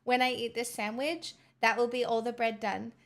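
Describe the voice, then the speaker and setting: A woman's voice: fairly high pitch, level tone, moderate pace, creaky. An Australian woman vlogging in a casual, chatty way, swearing freely and breaking into mock-dramatic outbursts. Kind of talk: casual chat to camera.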